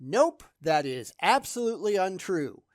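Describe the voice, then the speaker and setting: A man's voice: high-pitched, big pitch swings, unhurried, dry recording, clean studio sound. A man giving sarcastic reaction commentary, blunt and scornful in how he talks.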